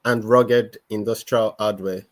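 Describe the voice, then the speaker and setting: A man founder practicing his startup pitch, hesitant, with many fillers. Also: fairly even intonation, measured pace.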